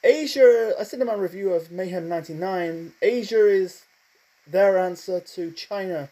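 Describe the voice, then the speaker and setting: A man talks through a wrestling show review in a loose, rambling way, full of fillers and side notes. His voice sits a little high for a man, with a mellow, soft tone. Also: rough recording. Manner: rambling, many fillers and asides, admits speaking too fast. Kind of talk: casual spoken review monologue.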